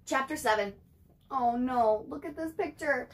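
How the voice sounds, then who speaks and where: A young woman, a teacher, reading a chapter book aloud to her class with animated, chatty asides to her students. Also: sits high, a little slow.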